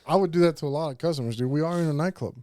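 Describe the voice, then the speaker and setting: A man's voice: fairly high pitch, rapid-fire, a little mellow, no room sound, clean studio sound. A man, a former bouncer, joking around in casual podcast chat and swearing freely. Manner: joking, laughs between lines, swears.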